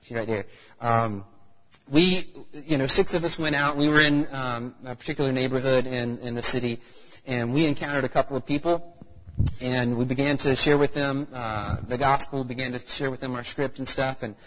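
A man's voice: mid-range voice, steady tone, normal speed, a bit bright. A man preaching a sermon in a church hall, asking the congregation rhetorical questions. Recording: echoey hall reverb.

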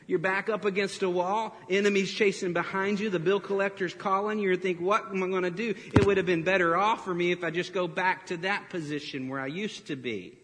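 High-voiced male pastor in a reverberant hall. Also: a little fast, few pauses, slight background noise. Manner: animated storytelling with laughs and acted-out quotes. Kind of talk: sermon.

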